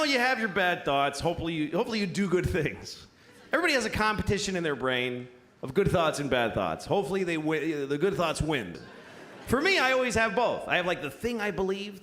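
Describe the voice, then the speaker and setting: A man's voice: very animated, brisk, a bit bright, roomy sound, a little hiss or hum. A man doing stand-up, musing self-deprecatingly about his own thoughts. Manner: musing, self-deprecating, swings between high and low voice. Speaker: stand-up comedian. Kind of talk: stand-up comedy set. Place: comedy club stage.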